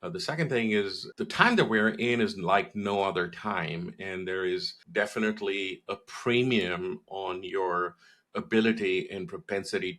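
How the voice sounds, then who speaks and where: Low-voiced man giving measured advice. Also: fairly bright tone. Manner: measured, frequent "you know" fillers. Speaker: marketing agency guest. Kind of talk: interview answers, advice.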